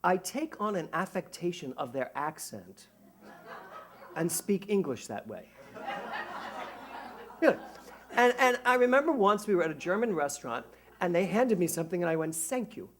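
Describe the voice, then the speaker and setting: A middle-aged man, a minister, giving a conversational sermon to a congregation, animated and joking at his own expense. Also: high voice, moderate pace, pauses often. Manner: animated, jokey, self-mocking. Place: church service before a congregation.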